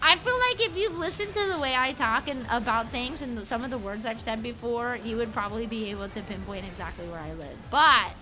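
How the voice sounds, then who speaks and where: A woman's voice: on the high side, brisk, hardly any pauses, music in the background, low-quality recording. A young woman from the Upper East Coast of the United States chatting casually and animatedly while live streaming a game, swearing freely. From Upper East Coast of the USA.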